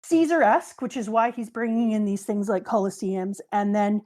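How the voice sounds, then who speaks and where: A woman's voice: medium pitch, flat delivery, normal speed, mellow. A middle-aged woman in casual chat on a live stream, building her points with emphatic, exasperated bursts. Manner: emphatic, exclaims mild curses for emphasis.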